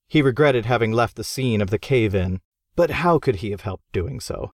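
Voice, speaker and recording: A man narrating an audiobook in a lively, expressive storytelling manner. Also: mid-range voice, moderate pace, no echo, clean studio sound.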